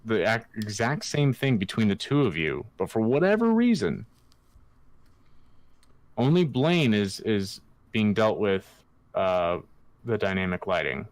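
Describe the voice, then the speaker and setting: A man's voice: on the low side, lively intonation, unhurried, dry recording. A man running an online tabletop game as dungeon master, frustrated and restarting his sentences as he troubleshoots. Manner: frustrated with technical problems.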